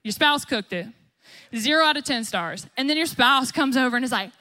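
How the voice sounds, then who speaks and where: A woman's voice: animated, fairly quick, sharp tone, a little hiss or hum. A young woman pastor preaching a sermon emphatically, acting out quotes as she goes. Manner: emphatic, acts out quotes with rising pitch.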